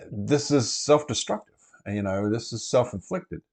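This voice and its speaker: A man's voice: mid-range voice, expressive, moderate pace, darkish tone. A man hosting a casual prepper vlog, talking from inside a truck in a meandering way full of fillers and restarts. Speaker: prepper vlogger host. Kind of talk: casual rambling vlog talk.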